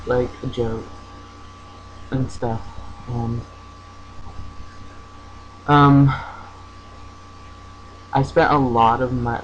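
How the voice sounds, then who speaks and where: A young man talks into his camera at home and tells a personal story in a hesitant way, full of fillers and restarts. His voice stays flat, with little rise and fall. A faint hum runs underneath. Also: mid-range voice, rough recording. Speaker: vlogger.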